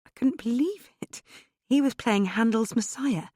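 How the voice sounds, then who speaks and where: A woman's voice: fairly high pitch, lively intonation, unhurried, dark tone, breathy edge, dry recording, studio quality. A woman narrating a cozy mystery audiobook in the first person, with a wry storytelling tone.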